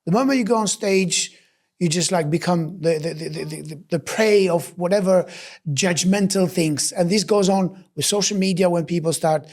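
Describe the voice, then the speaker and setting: High-voiced man hosting an interview. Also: moderate pace, a little mellow. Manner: thoughtful, searching questions with many restarts. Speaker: podcast host. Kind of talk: interview questions.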